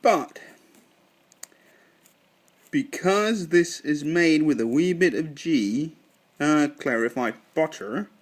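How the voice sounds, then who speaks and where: Man, slightly high voice, unhurried, thoughtful, casual review with fillers. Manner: slow, deliberate, thinking aloud with fillers. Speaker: snuff reviewer.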